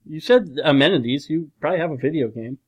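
A man's voice: a little high, animated, fast talker. A man hosting a casual talk show, reading out listener questions in a rambling way, with dry, sarcastic humor. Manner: rambling, full of "like" and "you know". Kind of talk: casual chat.

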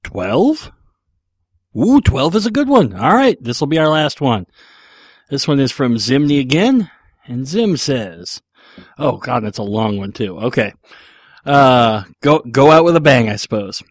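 A man's voice: medium pitch, very animated, measured pace, dry recording, clean studio sound. A man hosting a podcast, casually answering listener questions in a rambling, joking way with lots of fillers. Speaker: podcast host.

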